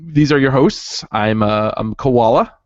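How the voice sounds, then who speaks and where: A man's voice: mid-range voice, dry recording. A man co-hosting a podcast in casual chat, laughing easily and restarting his sentences often. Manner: chatty, laughs easily, halting with many restarts. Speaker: podcast co-host. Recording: dull lo-fi audio.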